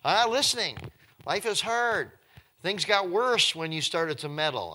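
A man preaching a sermon, reading scripture slowly and then retelling it in plain, casual words. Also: sits high, big pitch swings, bright, forceful tone. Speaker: pastor.

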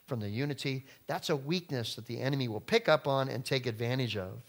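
A man's voice: medium pitch, animated, a little fast, few pauses. A man preaching a sermon in numbered points, acting out quoted voices along the way. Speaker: pastor.

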